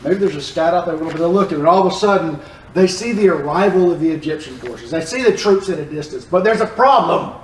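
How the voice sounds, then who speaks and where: A man teaching a Bible lesson in a church, animated and joking as he explains the text. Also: on the high side, quick pace, a little hiss or hum. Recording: echoey room, distant mic.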